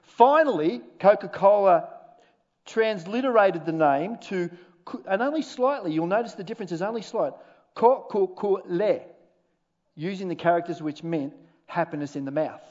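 A male pastor delivering a sermon in a church, his voice sitting high and carrying an animated, humorous preaching manner with deliberate pauses. The recording is dull and lo-fi. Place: church auditorium.

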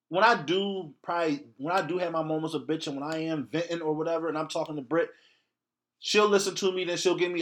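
Male podcast host, blunt and profane, slightly high voice, ranting solo to his audience. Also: a little fast, fairly bright tone.

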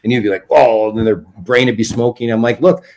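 A man's voice: mid-range voice, darkish tone. A man from Canada, a documentary filmmaker, telling stories in casual chat and acting out both sides. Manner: quick storytelling, acts out both sides of exchanges.

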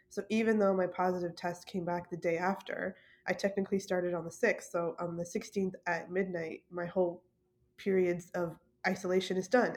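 A woman's voice: fairly low pitch, darkish tone. A woman from Canada telling a story in a casual monologue, laughing often and swearing casually. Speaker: podcast host.

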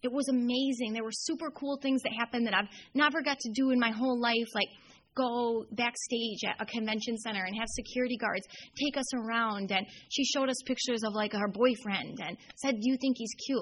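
A woman's voice: a little high, steady tone, brisk, rough recording. A young woman telling a long personal story at a recovery meeting, chatty and full of fillers. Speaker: AA speaker. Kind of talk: storytelling talk.

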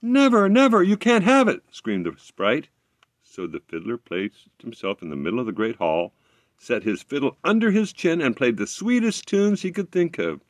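A man with a low voice reading a fairy tale aloud, his pitch rising and falling with lots of life. He stumbles now and then and corrects himself, recorded close with a dry, deadened sound. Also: moderate pace, no room sound. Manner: expressive reading with slips and self-corrections. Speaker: storyteller.

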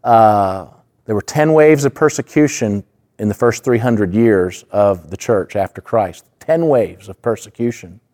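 A man's voice: on the low side, expressive, measured pace, a little mellow. A man preaching a sermon in an earnest, conversational way, full of asides and fillers. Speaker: pastor.

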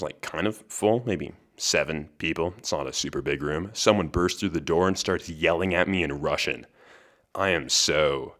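A young man hosts a podcast alone, spinning a story with a very deep voice. He talks casually, tripping over a word now and then and laughing between lines. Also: a bit bright. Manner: chatty, laughs between lines, restarts words. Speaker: podcast host.

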